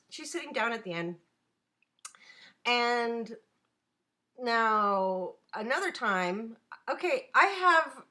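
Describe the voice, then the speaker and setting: Woman ranting on her stream, high bright voice, swears a lot, chats with viewers, a little music behind. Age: adult student. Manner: animated, swearing, chatty asides to chat. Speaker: live streamer. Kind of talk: casual live-stream rant.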